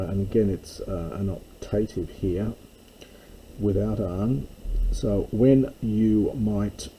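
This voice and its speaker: Slow, dark-voiced man explaining a text. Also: fairly low pitch, slight background noise, low-quality recording. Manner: slow and careful, with frequent ums and uhs. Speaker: Greek tutor. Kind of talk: line-by-line lecture.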